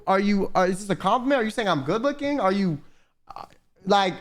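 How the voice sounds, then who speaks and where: Animated young male streamer, high lively voice. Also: a little fast. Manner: animated, profane, exasperated reactions. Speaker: streamer reading viewer confessions. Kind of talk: casual livestream commentary.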